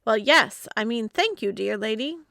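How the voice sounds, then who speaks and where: A woman reading the part of a pompous male swindler who poses as a gentleman with a plummy manner. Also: on the high side, lively intonation, moderate pace, gravelly, no echo, clean studio sound, heavily acted. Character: smooth-talking male conman posing as gentleman.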